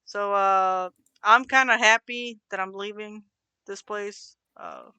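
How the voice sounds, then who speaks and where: A young woman co-hosting a casual podcast, relaxed and swearing freely, often trailing off into laughs. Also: medium pitch, takes it slowly, clear, resonant tone, no echo. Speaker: podcast co-host. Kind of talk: casual chat.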